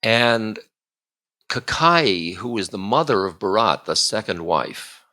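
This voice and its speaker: A man's voice: on the low side, big pitch swings, slow, sharp tone. A man telling a bedtime story casually, with chatty asides to his listeners.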